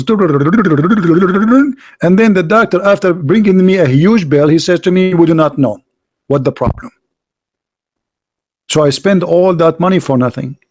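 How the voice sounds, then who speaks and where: A man with a somewhat high voice holds forth in an argumentative monologue. He is emphatic and scornful and repeats words for force. He swings between loud outbursts and low, muttered asides. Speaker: street debater.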